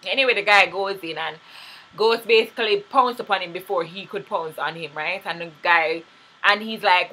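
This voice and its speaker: A woman's voice: mid-range voice, normal speed, sharp tone. A young woman casually recapping a TV episode, blunt and profane, acting out the characters' lines as she retells the story. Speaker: TV recap vlogger.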